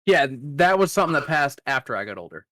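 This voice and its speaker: A man in his thirties co-hosting a podcast, relaxed and rambling, with lots of "like". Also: medium pitch, fast talker. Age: 30s. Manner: relaxed, rambling, full of "like" fillers. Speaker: podcast co-host. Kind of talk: casual chat.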